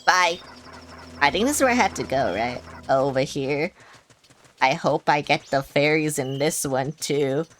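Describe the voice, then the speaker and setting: A woman's voice: sits low, lively intonation, a little slow, slight background noise. A woman streamer giving live gameplay commentary, chatty and sarcastic, with frequent swearing and asides to herself.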